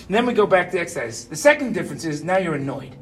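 A man's voice: high voice, very animated, fast talker, distant mic, a little hiss or hum. A man of fifty telling a personal story to listeners in a chatty way, often checking in with "right?". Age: 50s. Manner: chatty, keeps asking "right?". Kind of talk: personal anecdote told to listeners.

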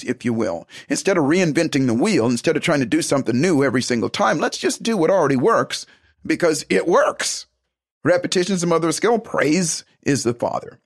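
A man giving a motivational self-help talk, emphatic and animated, acting out little conversations as he goes. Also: a little high.

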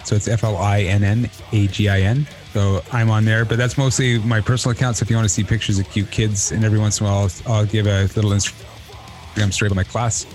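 A man's voice: on the low side, level tone, fast, a little mellow, faint music behind. A man who teaches, co-hosting a podcast in earnest, casual chat, saying "like" often. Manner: earnest, uses "like" often, laughs easily.

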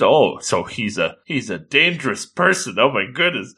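A man recapping an episode in a casual, excitable way, exclaiming often. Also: mid-range voice, normal speed, hardly any pauses, slightly rough. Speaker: anime recap host.

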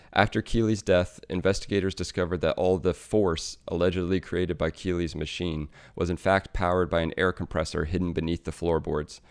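A man with a deep, resonant voice narrates a scripted history segment. His delivery is measured and wryly understated, recorded dry and close. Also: a little mellow, clear, resonant tone, no echo. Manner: measured, wry storytelling. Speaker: segment presenter.

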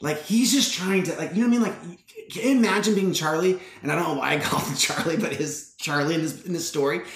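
A man's voice: on the high side, fast. Laid-back man retelling Bible stories. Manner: slangy and laid-back, says bro, laughs often. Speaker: podcast host. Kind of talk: casual Bible storytelling. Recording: roomy echo.

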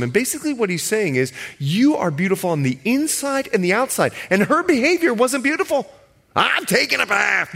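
Animated man preaching a sermon. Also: high-pitched. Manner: animated storytelling, shifting pace, acts out quotes. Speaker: pastor.

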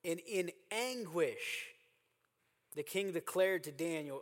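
A man's voice: on the high side, lively intonation, slow, big-room sound. A man preaching a sermon as pastor, earnest and emphatic, repeating phrases for stress. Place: church sanctuary.

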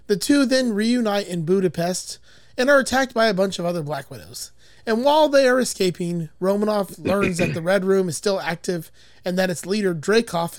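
A man's voice: high voice, no echo, clean studio sound. A man hosting a podcast, reading out a movie plot summary and arguing his points, swearing often. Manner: argumentative, swears freely. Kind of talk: casual movie review chat.

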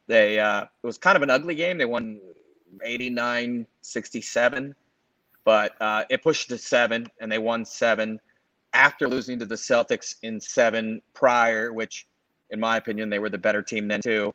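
A man's voice: medium pitch, fairly even intonation, normal speed, pushed and bright, dry recording. A man in his forties from the Los Angeles area rambles through casual sports chat and keeps correcting himself. He sounds dull and lo-fi. The sound is dry and close. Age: 40s. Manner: rambling, self-correcting, fond of fillers. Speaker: podcast co-host.

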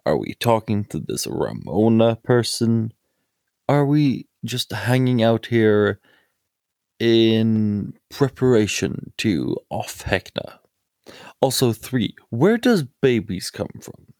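A man playing a tabletop game in character, asking goofy questions in a deadpan way. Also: on the low side, takes it slowly, no room sound, clean studio sound. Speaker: player.

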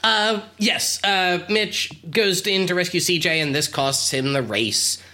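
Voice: mid-range voice, unhurried, pushed and bright. A podcast co-host in casual chat, recapping plot points in a hesitant way, with frequent ums and uhs.

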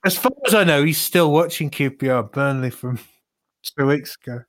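A man's voice: fairly high pitch, moderate pace, music in the background. A man telling a rambling, self-mocking story in casual chat with friends.

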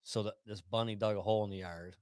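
A man co-hosting a casual podcast, teasing his partner with quick interjected questions. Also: lowish voice, steady tone, a little mellow, smooth, dry recording. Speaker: podcast co-host. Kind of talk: casual chat.

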